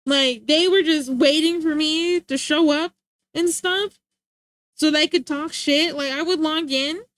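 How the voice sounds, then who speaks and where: A woman's voice: sits high, steady tone, unhurried, fairly bright tone, dry recording. A young woman streamer chatting casually, rambling and laughing often.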